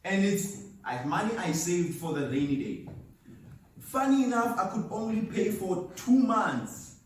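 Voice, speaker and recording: Recorded from afar in an echoey seminar hall, a motivational speaker tells stories emphatically and laughs at his own expense. His voice is high-pitched and unhurried, with a little hiss or hum in the background.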